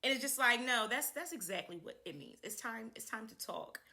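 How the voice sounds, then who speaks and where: A young woman chatting casually to camera to introduce her channel, animated and laughing often as she repeats herself. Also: on the high side, fairly quick, gravelly.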